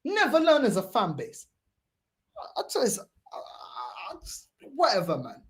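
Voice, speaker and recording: A woman's voice: mid-range voice, wildly swooping pitch, measured pace, husky. A woman hosting a football fan channel, delivering a heated, profane, mocking reaction rant. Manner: profane, mocking, repeats "bro".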